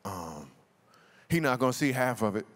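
A man's voice: mid-range voice, very animated, normal speed, background noise. A man giving a guest sermon in a casual, joking way, bantering with the congregation. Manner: conversational, jokey, bantering with the crowd. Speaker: guest speaker. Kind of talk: comedic sermon. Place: large church hall. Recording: live sermon with long hall reverb.

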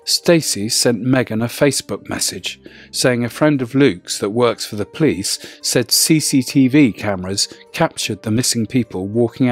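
Husky male horror narrator, measured and low-key, soft music bed. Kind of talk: first-person horror narration.

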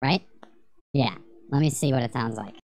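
A woman's voice: a bass voice, normal speed, darkish tone. A woman streaming a retro game, rambling, swearing and joking with her chat as she plays. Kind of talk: casual livestream gameplay commentary.

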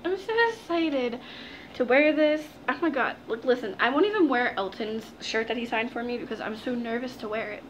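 Giggly high-voiced young woman vlogger. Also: moderate pace, slight background noise. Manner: gushing, giggly, talks to viewers as "guys". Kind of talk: casual unboxing vlog.

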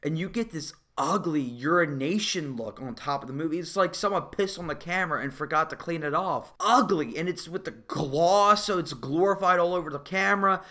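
A man's voice: fairly high pitch, moderate pace, hardly any pauses, bright, forceful tone. A young man reviewing a movie in a casual, profane, exasperated rant.

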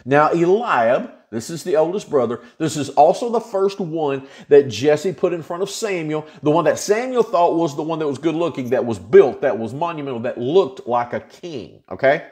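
A man's voice: on the high side, lively intonation, normal speed, hardly any pauses, a little mellow. A male pastor teaching an informal Bible study, retelling scripture in a folksy, plain-spoken way.

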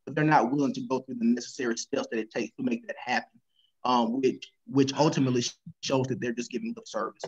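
A man answering as a panelist over a video call, earnest and measured. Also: medium pitch, steady tone, breathy edge, muffled recording. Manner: earnest, with many fillers and restarts.

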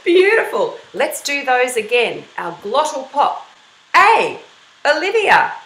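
Lively encouraging woman teaching voice. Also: high-pitched, a little slow, echoey room, a little hiss or hum, low-quality recording. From Australia. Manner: bright, encouraging teacher voice, storytelling with sung-out examples. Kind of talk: online voice class for kids.

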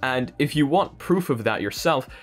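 A man's voice: mid-range voice, expressive, moderate pace, faint music behind. A man from Poland with an Irish accent, hosting a tech vlog in an enthusiastic, playful way and talking straight to his viewers. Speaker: tech channel host.

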